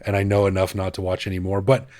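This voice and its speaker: Brief: male podcast co-host, low voice, relaxed chatty storyteller, dry close mic. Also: fast, dry recording. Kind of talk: casual podcast chat.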